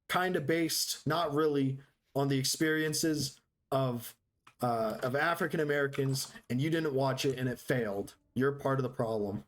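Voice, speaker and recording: A man streaming a game live, chatting casually with his viewers in a joking, sarcastic, rambling way. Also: medium pitch. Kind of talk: casual live-stream chat while gaming.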